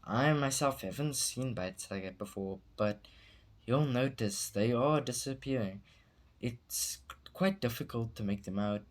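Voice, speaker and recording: A man reading the lines of a calm, formal doctor explaining a case, in a measured and polite way. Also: medium pitch, natural voice.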